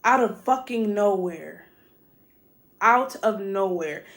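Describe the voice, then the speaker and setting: A woman's voice: mid-range voice, takes it slowly. Profane, chatty woman podcast host. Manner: profane, animated, addresses listeners as y'all. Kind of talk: casual reality-TV recap.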